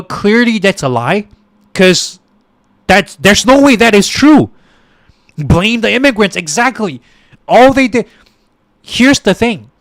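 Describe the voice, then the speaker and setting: High-voiced exasperated male political ranter. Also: a bit bright, no echo. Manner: exasperated, repetitive, stumbling restarts. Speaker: political podcast host and livestreamer. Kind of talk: ranting political commentary to a stream audience.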